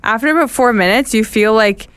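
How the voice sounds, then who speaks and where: A woman's voice: on the high side, brisk, a bit bright, clear, resonant tone, dry recording. Chatty woman, dry close voice. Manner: chatty, says "like" and "oh my gosh" often. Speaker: podcast co-host. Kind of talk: casual chat.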